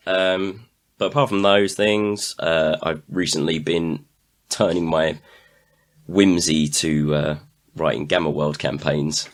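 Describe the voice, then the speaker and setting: A man's voice: rumbling low, fairly even intonation, takes it slowly. A man hosting a podcast, chatting casually with friends and swearing as he jokes around. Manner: sweary, laughing banter. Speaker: podcast host. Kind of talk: casual chat.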